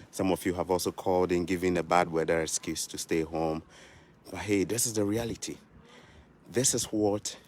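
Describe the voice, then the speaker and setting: A young African man with a deep voice talks to the camera in a casual vlog, speaking earnestly to his viewers. He repeats his points the way a preacher would. There is slight background noise.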